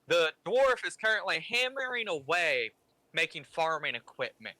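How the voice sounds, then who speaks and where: A man narrating as game master of a tabletop game in a relaxed, casual way. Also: a little high, normal speed, no room sound.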